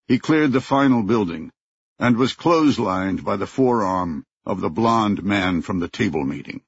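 Low husky guy reading a thriller audiobook, dull lo-fi sound. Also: dry recording. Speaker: audiobook narrator. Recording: dry, dull lo-fi recording.

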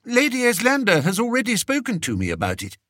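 A man voicing a vain, anxious young king who speaks in a high, plaintive way, in an audiobook. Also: huge pitch swings, fast talker, bright, forceful tone, no echo, clean studio sound, exaggerated voice. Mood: fretful. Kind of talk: audiobook character voice.

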